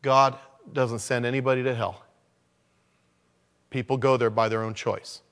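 A man preaching a conversational sermon, dropping to low murmurs and then rising to loud, emphatic lines. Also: steady tone, a little slow. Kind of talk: sermon on evangelism.

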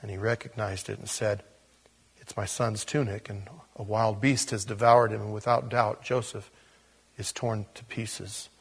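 Husky-voiced man teaching a Bible passage. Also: fairly low pitch, level tone, measured pace. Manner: casual, chuckles at his own asides, acts out quotes. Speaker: pastor.

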